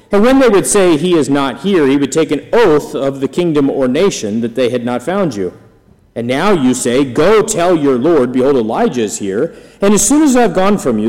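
A man's voice: medium pitch, a little mellow. Man reading scripture in a reverberant hall. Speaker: scripture reader.

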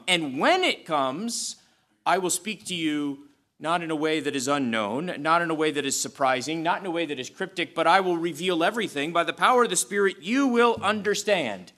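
A man's voice: fairly high pitch, sharp tone. A man preaching a sermon in a conversational but emphatic way, repeating phrases for stress and adding touches of humor. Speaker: pastor.

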